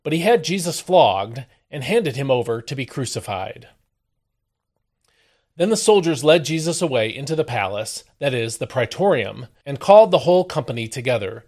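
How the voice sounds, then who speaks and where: A man hosting a daily devotional, reading a Bible passage aloud and then explaining it, with expressive emphasis on the quoted lines. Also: medium pitch. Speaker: devotional host. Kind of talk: scripture reading and devotional commentary.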